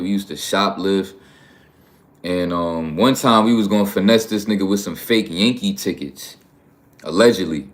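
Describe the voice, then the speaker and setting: A man from New York hosting a livestream, talking bluntly and profanely in a rambling, casual way. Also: low-pitched. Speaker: livestream host.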